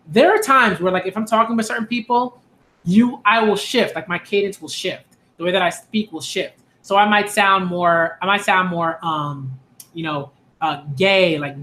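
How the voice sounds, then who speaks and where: Speaking in a high, pushed and bright voice, a young Hollis, Queens native rambles to camera as host of an anime and manga channel. He fills his talk with "like" and "um" and keeps restarting, while a little hiss or hum sits underneath.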